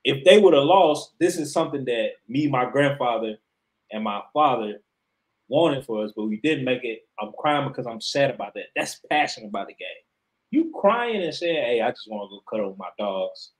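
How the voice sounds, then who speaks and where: A man's voice: mid-range voice, expressive, moderate pace, poor audio. A man co-hosting a sports podcast, talking in a casual, emphatic and profane way as he argues his opinion. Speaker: podcast co-host.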